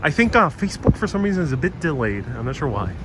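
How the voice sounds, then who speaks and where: A man's voice: on the high side, big pitch swings, fast talker. A man hosting a live stream while walking a city street, reading viewers' comments aloud and answering them in easy, friendly chat. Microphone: wireless clip-on mic. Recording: outdoor street noise. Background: city traffic.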